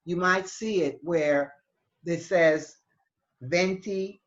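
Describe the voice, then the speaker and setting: A woman teaching Spanish in an online class, explaining patiently with halting restarts over a video call. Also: on the low side, dull audio.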